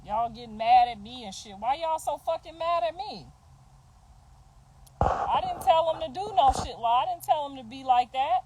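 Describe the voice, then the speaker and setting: A woman's voice: high voice, lively intonation, moderate pace, a little mellow, slight background noise, rough recording. A middle-aged woman in a heated casual rant, profane and confrontational, laughing between her jabs as a mother defending herself. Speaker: mother ranting on a livestream.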